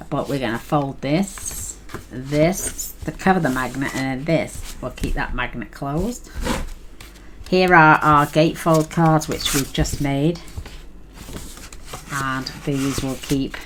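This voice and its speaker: Chatty middle-aged craft host, deep for a woman, casual and rambling, noisy tabletop sounds behind. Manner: chatty, rambling, thinks aloud with fillers. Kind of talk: casual craft tutorial chat.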